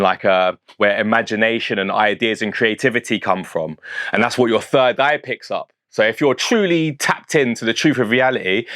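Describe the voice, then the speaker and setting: A St Albans man with a southern English accent chats casually about his rap lyrics, dropping slang and laughing at his own jokes. His mid-range voice is a bit bright, captured in studio quality without echo.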